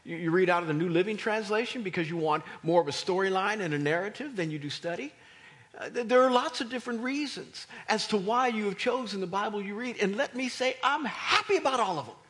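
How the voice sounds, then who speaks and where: A man preaching a sermon as a pastor, animated and emphatic, with a slightly husky voice. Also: high voice, fairly quick. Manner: animated preaching, rising to near shouts for emphasis.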